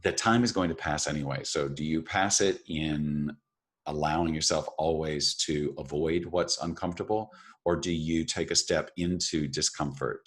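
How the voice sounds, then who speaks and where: An earnest man with an extremely low, deep voice, co-hosting a reflective conversation. He talks in an encouraging way and circles back to key phrases for emphasis. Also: husky. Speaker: podcast co-host.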